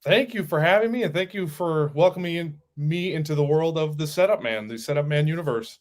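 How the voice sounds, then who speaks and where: Wisconsin accent guy, producer, friendly chat, a bit higher voice. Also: fairly quick. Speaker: show producer. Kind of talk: casual chat.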